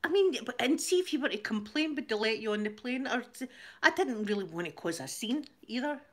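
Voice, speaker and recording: A woman's voice: fairly high pitch, lively intonation, fairly quick, a bit bright. A Scottish woman hosting her channel, telling a rambling story in casual chat, laughing often and repeating words as she goes. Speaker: channel host.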